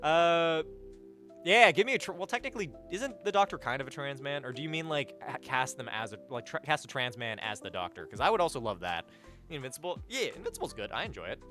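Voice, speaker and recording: A young man chats on a live stream and reads out viewer messages, swearing freely and wandering from topic to topic. His voice is bright and a little sharp, and his pitch swings up and down a lot. Faint music plays underneath. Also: quick pace. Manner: animated, profane, rambling. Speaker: livestreamer.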